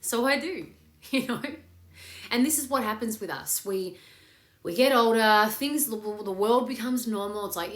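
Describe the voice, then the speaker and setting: A woman's voice: on the high side, expressive, moderate pace. A woman hosting a casual live chat that leads into a meditation, upbeat and swearing freely. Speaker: meditation host. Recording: echoey room with faint music.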